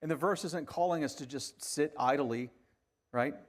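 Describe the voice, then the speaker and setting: A man delivering a sermon as a pastor, talking conversationally and swinging from hushed, quiet lines to emphatic ones. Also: fairly high pitch, normal speed.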